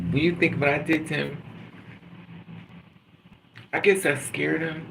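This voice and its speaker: A man's voice: a little high, vocal fry. A man talking casually in a rambling, profane monologue, telling stories and venting about love. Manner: rambling, profane, animated storytelling. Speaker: vlogger. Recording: distant mic with loud background noise.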